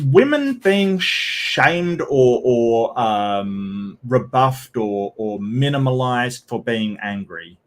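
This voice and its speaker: A man hosting a live stream, reading posts aloud and chatting with viewers in a rambling way, with many ums and restarts. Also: lowish voice. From Australia. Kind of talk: casual live-stream commentary.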